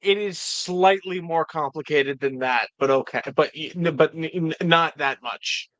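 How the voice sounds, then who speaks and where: A man's voice: fairly high pitch, unhurried, fairly bright tone, dry recording. A man guest in a casual chat, eagerly explaining and tripping over his words. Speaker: fan editor, guest.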